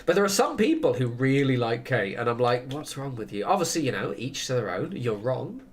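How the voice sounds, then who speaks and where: A man's voice: medium pitch, sing-song, brisk, slight background noise. A man chatting casually while streaming a game, rambling through opinionated tangents and laughing often. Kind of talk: casual chat while gaming.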